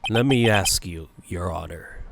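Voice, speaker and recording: A man voicing a cocky adult male prosecutor, slow and condescending, over game music. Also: low voice, vocal fry, very noisy, pitched below the performer's own voice. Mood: smug.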